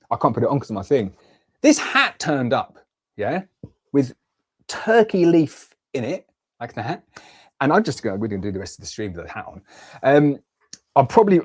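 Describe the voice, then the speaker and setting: A man from the UK in his thirties, hosting a beekeeping livestream in a rambling, heartfelt way full of fillers and restarts. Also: on the low side. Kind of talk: casual livestream chat.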